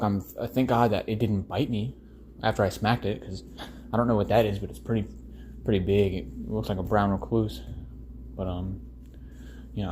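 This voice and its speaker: Low-voiced American man, solo podcast host, loose profane rambling. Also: warm tone, a little hiss or hum. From United States. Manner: rambling, profane, full of fillers.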